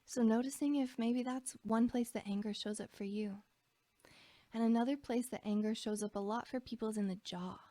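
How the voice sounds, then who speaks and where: A woman teaching about emotions in a gentle guided reflection, often dropping her voice to a soft whisper. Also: on the high side, fairly even intonation, brisk, no room sound.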